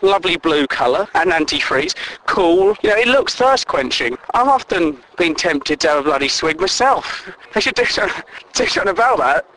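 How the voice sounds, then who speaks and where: A man's voice: sits high, very animated, moderate pace, fairly bright tone, a little hiss or hum, rough recording. A man rambling through a sweary comic monologue and chuckling at his own jokes.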